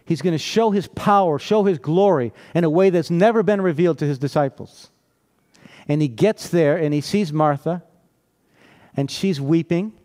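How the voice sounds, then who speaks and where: A man's voice: a little high, normal speed, darkish tone. A man preaching a sermon in a conversational, storytelling way, often asking rhetorical questions and laughing.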